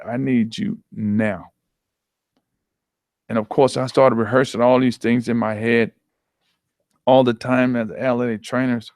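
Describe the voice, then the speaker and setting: A man working as an athletic trainer tells a painful personal story in an earnest, halting way, with many restarts. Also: mid-range voice, no echo, clean studio sound.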